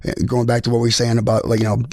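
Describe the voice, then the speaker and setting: A man, a military veteran, tells a personal story as a podcast guest, halting and restarting often as he speaks. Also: medium pitch, monotone, a little mellow, no room sound, clean studio sound. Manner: halting, with many restarts and repeated words. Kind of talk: emotional personal storytelling in conversation.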